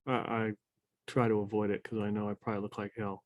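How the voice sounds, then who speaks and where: A man's voice: fairly low pitch, little pitch movement, quick pace, no room sound. A man playing a tabletop game, casual and checking the rules with questions. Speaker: player.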